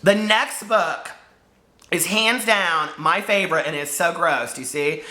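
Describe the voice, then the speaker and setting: A man's voice: fairly high pitch, measured pace, sharp tone. A man chatting casually to camera about books he loved as a child, gushing, giggly and nostalgic. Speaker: book vlogger. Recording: echoey room.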